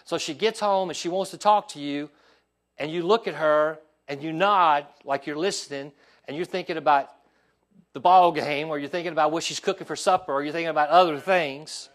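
Pastor, male, high-pitched, lively pulpit delivery, asks congregation for responses. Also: a little fast. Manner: animated preaching with call-and-response asides. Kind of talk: sermon. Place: church sanctuary.

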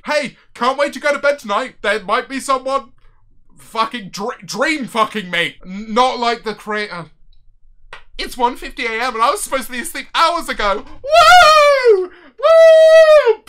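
A man hosting a livestream, reading viewer confessions aloud in a loud, profane and excitable way. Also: high-pitched. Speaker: streamer host.

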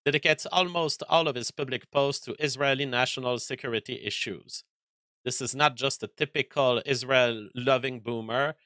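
A man hosting a commentary show, speaking deliberately with frequent hesitations and fillers. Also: medium pitch, pushed and bright, no room sound. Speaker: host.

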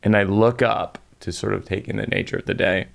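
A middle-aged comedian hosting a podcast tells a funny story in conversation, dry and self-mocking, with playful asides. His voice is fairly low and steady with vocal fry, and he speaks briskly.

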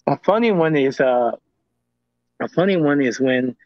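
A man's voice: medium pitch, expressive, measured pace, no room sound. A man as a guest, telling stories in a rambling casual way and often repeating himself. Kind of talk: casual storytelling. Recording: dull lo-fi audio.

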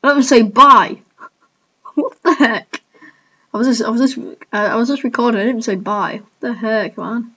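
A woman's voice: fairly high pitch, normal speed, pushed and bright, highs cut off. Woman cringing through her own old videos. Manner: keeps exclaiming, cringing and laughing at herself. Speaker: gaming YouTuber. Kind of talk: casual reaction commentary.

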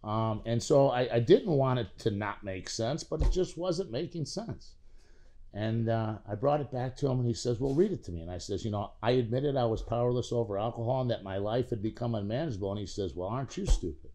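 A man's voice: medium pitch, a little fast, warm tone. Man telling his recovery story. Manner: conversational storytelling with many fillers and restarts; earnest, acts out past dialogue. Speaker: testimony speaker. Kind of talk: personal recovery testimony.

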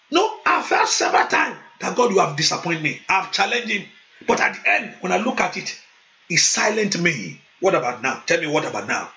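A male pastor preaching a sermon, moving into loud fervent prayer and speaking in tongues. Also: high-pitched. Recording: dull lo-fi sound.

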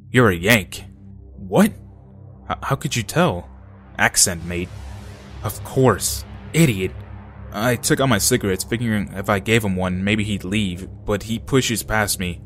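A man narrating scary true stories in a steady, low-key way.

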